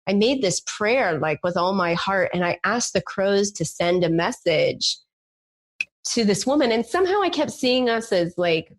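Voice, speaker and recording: A woman's voice: medium pitch, lively intonation, moderate pace. Candid woman telling a personal story. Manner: emotional, candid, lots of "like" fillers.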